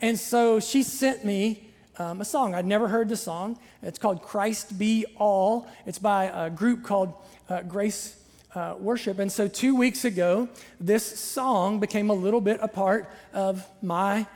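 A pastor with a Southern Ohio accent preaches a sermon in a chatty, joking way, hammering home repeated phrases. The voice sits at an ordinary middle pitch. It rings out with the long reverb of a large sanctuary. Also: unhurried, darkish tone. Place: church sanctuary.

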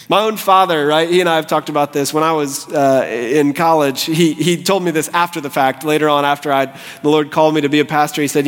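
A man's voice: on the high side, fairly even intonation, a little fast, hardly any pauses. A male pastor preaching a sermon, impassioned and rising to fervent pleading. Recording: long hall reverb.

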